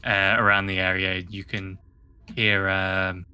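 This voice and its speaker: Bright-voiced man running a tabletop game. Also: sits low, little pitch movement, unhurried, smooth. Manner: hesitant, filler-heavy narration. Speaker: game master.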